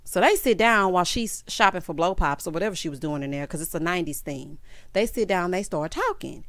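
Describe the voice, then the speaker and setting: A woman hosting a casual reality TV recap, sassy and animated, calling her listeners honey and child. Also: fairly low pitch, brisk, dry recording.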